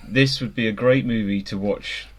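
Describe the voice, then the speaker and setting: A laid-back man with a slightly low voice, talking casually on a podcast. He is self-deprecating and trails off now and then. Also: steady tone, normal speed. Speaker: podcast co-host. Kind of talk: casual chat.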